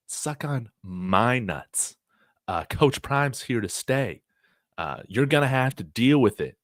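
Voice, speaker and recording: A man hosting a college football fan livestream, talking in an excited, brash, trash-talking way. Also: mid-range voice, dry recording, clean studio sound.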